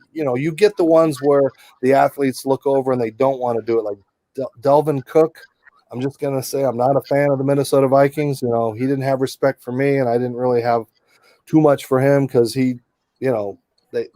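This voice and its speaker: A man's voice: medium pitch, mellow, no room sound. Chatty middle-aged man telling stories. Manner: chatty, rambling, many asides. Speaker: sports reporter guest. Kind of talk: casual storytelling interview.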